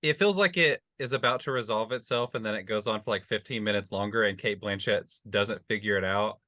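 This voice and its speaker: Bright-voiced teasing male co-host. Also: lowish voice, no room sound, clean studio sound. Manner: teasing, quick to interject. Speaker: podcast co-host. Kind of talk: casual film discussion.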